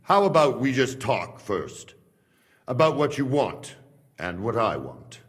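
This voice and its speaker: A man voicing a stubborn, loyal guard from Buda who speaks calmly and firmly, with quiet threat, in a game cutscene. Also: mid-range voice, slow pace. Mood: tense. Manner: calm, firm and threatening. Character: stubborn, loyal male guard holding captives. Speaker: a king's guard.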